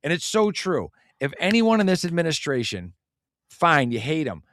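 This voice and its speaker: Co-host, male, former cop, indignant with a lively swinging pitch, dry mic. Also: moderate pace, no echo. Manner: emphatic, indignant. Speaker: podcast co-host, former detective. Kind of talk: casual live-stream banter.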